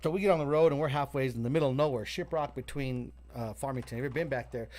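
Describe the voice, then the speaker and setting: A man's voice: mid-range voice, very fast. A man co-hosting a casual show, telling a long, profane story and acting out the voices of the people in it. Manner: profane, animated, acts out voices in his stories. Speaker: co-host. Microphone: video call.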